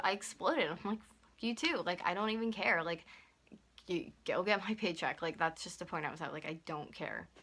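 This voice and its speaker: A woman's voice: lowish voice, sharp tone. Heated young woman telling a storytime. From North America. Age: 20s. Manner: fast, heated retelling full of "like". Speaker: YouTuber. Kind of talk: storytime vlog. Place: at home. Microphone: camera on a stand.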